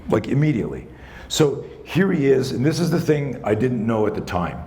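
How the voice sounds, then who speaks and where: A man in his sixties, a self-defense instructor telling a story in a live talk, animated, conversational and profane. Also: mid-range voice, normal speed. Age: 60s.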